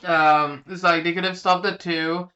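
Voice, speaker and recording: Lisping co-host, unhurried and hesitant, in casual film chat. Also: medium pitch, level tone, pushed and bright, lo-fi sound. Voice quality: lisp. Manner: hesitant, lots of ums. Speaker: podcast co-host.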